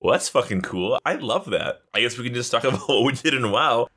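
Bright, excitable male podcast co-host. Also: medium pitch, brisk, breathy edge. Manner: excitable, swears a lot. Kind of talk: casual chat.

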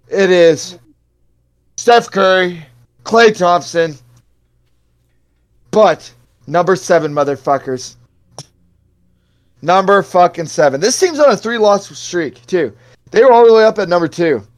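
High-voiced hyped sports podcast man. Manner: profane, hyped countdown delivery. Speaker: podcast co-host. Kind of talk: casual sports chat.

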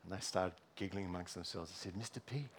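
A man's voice: deep voice, level tone, fast, slight background noise. A middle-aged man preaching a sermon in a church, telling personal stories with many fillers and restarts. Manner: storytelling, with frequent fillers and restarts.

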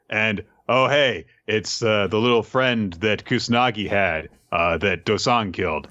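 A man co-hosts a podcast, recapping a manga chapter in a casual, animated, rambling way with plenty of fillers and asides. His voice is lowish and his pace measured with few pauses, and there's no echo.

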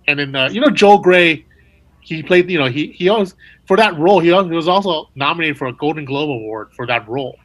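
A man's voice: a little high, animated, brisk, fairly bright tone, no echo. A man co-hosting a casual chat, rambling through his points. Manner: rambling, many fillers and restarts. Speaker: podcast co-host.

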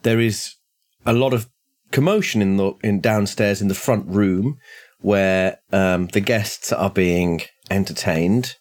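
A man's voice: lowish voice, slow pace, a little mellow. A man narrating a tabletop horror game as game master, with hesitations and fillers.

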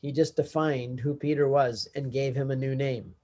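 A man guest on a talk show, teaching with lively storytelling that climbs in pitch when he stresses a point. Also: normal speed. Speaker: Catholic speaker and pilgrimage guide.

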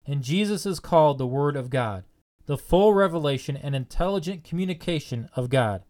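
A man delivers a sermon in a fairly high voice. He presses his listeners with earnest, repeated questions and leans hard on the key points. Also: lively intonation, moderate pace, a little mellow. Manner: earnest, repetitive rhetorical questions. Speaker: preacher.

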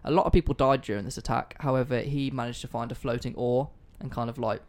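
A man's voice: mid-range voice, fairly even intonation, quick pace. A man hosting a casual history podcast, chatty and offhand, swearing freely. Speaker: podcast host.

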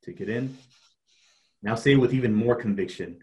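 A man's voice: fairly low pitch, mellow. A man who works as a life coach, talking earnestly in a casual conversation, often restarting his sentences. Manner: earnest, halting, many restarts.

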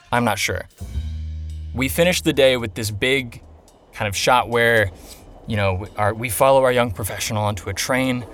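A man's voice: mid-range voice, a bit bright. A young man, a commercial director, telling a story casually and animatedly, acting out the people he quotes and laughing at himself.

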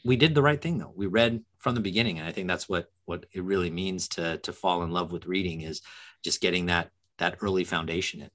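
A man's voice: low-pitched, brisk, fairly bright tone. A man who teaches, talking earnestly and reflectively as a guest in a podcast conversation. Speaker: guest educator.

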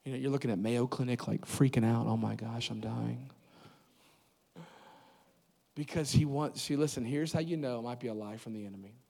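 Man preaching with echoing hall reverb. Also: medium pitch. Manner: animated, rising to loud emphatic peaks with quick asides. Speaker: pastor. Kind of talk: sermon. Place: church service. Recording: long reverb of a large hall.

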